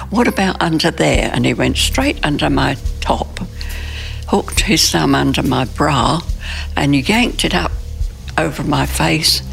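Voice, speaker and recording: A woman in her nineties recounting a personal story in an interview, in plain, halting speech with restarts. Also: deep voice, vocal fry, a bit bright. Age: 90s. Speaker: interview guest.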